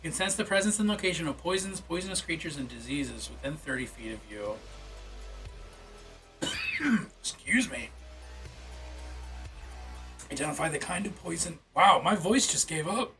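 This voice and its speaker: A man's voice: a little high, big pitch swings, brisk, few pauses, bright, forceful tone, faint music behind. A man streaming live, reading game rules aloud and reacting in loose, casual talk with the odd swear word. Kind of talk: casual livestream commentary.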